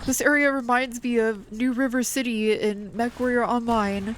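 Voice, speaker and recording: A woman streaming a video game, talking to her chat, excitable and swearing often. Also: fairly high pitch, normal speed, slight background noise. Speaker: VTuber streamer. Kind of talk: gaming livestream chat.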